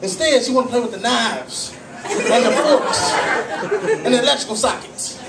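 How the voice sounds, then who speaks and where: A male stand-up comedian telling profane, animated stories at a small cafe comedy night. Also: very high-pitched, normal speed, a loud crowd. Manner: profane, animated storytelling with acted-out voices. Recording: echoey room, distant mic, faint noise.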